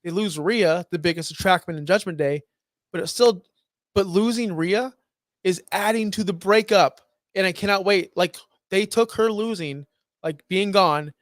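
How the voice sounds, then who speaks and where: A man co-hosting a wrestling podcast, opinionated and animated, acting out quotes as he recaps. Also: high voice, normal speed, dry recording, clean studio sound. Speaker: podcast co-host. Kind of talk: casual wrestling podcast chat.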